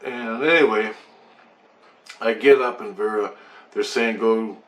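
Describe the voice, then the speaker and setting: A man's voice: lowish voice, fairly even intonation, unhurried, fairly bright tone. A man casually telling a personal story in a loose, rambling way, with swearing and asides. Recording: roomy echo, faint background hum.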